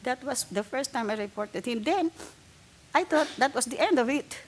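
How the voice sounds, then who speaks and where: High-voiced woman telling a long story. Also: expressive, normal speed, slightly rough, rough recording. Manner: long detailed storytelling, acting out quoted dialogue. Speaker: public commenter. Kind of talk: public comment at a board meeting. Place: public meeting room.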